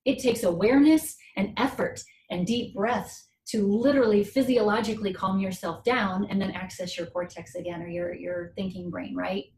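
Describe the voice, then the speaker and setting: A middle-aged woman speaks as a guest on a motivational coaching call. She speaks at an ordinary pitch, earnest and reflective, and slows down to press her main points home. Her voice carries a roomy echo, with a faint hiss underneath. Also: fairly even intonation, a little mellow. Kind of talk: personal story with motivational advice.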